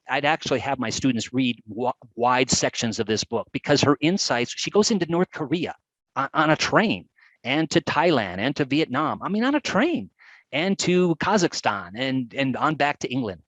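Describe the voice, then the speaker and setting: A man giving a lively live webcast presentation on geography, chatty and animated. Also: mid-range voice, dry recording, poor audio. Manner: animated, chatty, with playful put-on voices. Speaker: GIS educator presenting a webcast.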